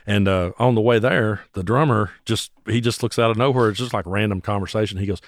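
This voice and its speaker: A man, a musician telling stories in an animated, casual way. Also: on the low side, a little fast, no room sound, clean studio sound. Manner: animated, acts out voices. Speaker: musician guest. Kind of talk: casual storytelling.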